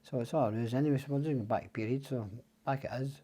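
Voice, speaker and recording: Older Scottish man as a podcast guest, dark mellow voice, salty storyteller who mimics the people in his tales. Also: medium pitch, very fast. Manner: swears freely, acts out quoted voices. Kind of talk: casual storytelling.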